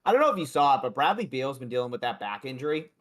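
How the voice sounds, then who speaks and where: A man hosting a sports betting livestream with a co-host. He talks in a loose, chatty way and swears casually. His voice sits at an ordinary mid pitch for a man. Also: big pitch swings, rapid-fire, a bit bright.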